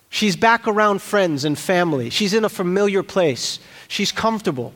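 A man's voice: sits high, animated, moderate pace, hardly any pauses, a bit bright, long reverb tail. A male pastor preaching a sermon in a church, conversational, with frequent restarts and asides. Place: church sanctuary.

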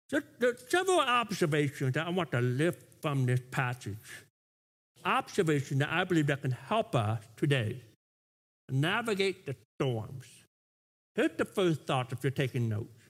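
Brief: male pastor, lively sermon voice, high and swooping, stumbles into quick restarts. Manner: animated, stammering restarts.

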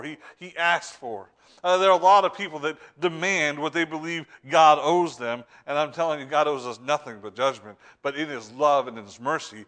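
A man preaches a sermon with fervor in a slightly high voice, repeating and restarting words. He swings between loud, urgent lines and hushed ones.

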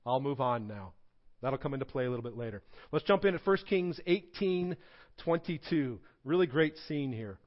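Slightly high-voiced male pastor, dull recording. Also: animated, normal speed. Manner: dramatic scripture reading with humorous asides. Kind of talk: sermon. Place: church sanctuary.

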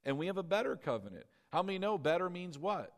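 A male pastor preaching a sermon, drawing call-and-response from the congregation, asking rhetorical questions and slowing down for emphasis. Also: high voice, very animated.

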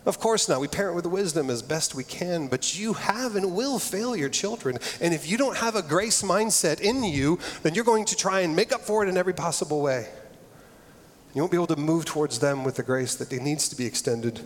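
A man's voice: on the high side, expressive, a little fast, a little hiss or hum. A middle-aged man preaching a sermon, earnest and conversational, often restarting his phrases. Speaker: pastor. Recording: long reverb of a large hall.

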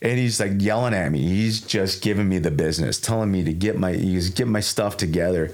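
A man's voice: low-pitched, brisk, few pauses, a little mellow. A man in his forties from Illinois, telling a personal story as a podcast guest in a rambling way, repeating words and acting out quotes. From Sauk Valley, Illinois. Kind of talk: casual storytelling.

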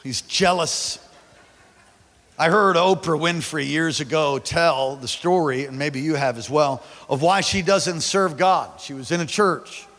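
Animated preacher in an echoing hall. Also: male voice, on the high side, a little slow. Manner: animated storytelling, shouting at peaks; calls on the congregation to respond. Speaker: pastor. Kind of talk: sermon.

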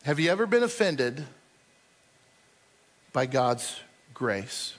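A man's voice: medium pitch, big pitch swings, takes it slowly, in a large hall. A man preaching a sermon as a pastor, telling stories and acting out the people in them. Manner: storytelling, acting out quoted speakers.

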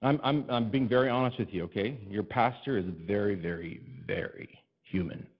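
A male pastor telling a personal story in a sermon, animated and self-deprecating, rising to exasperated cries to God. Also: fairly low pitch, normal speed, slightly rough, long reverb tail, dull audio.

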